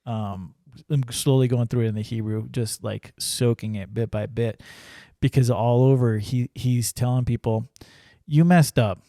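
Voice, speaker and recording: A man's voice: medium pitch, steady tone, normal speed, mellow, dry recording, studio quality. A man sharing a personal faith story in casual conversation, earnest and full of restarts. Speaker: ranch crew member sharing testimony.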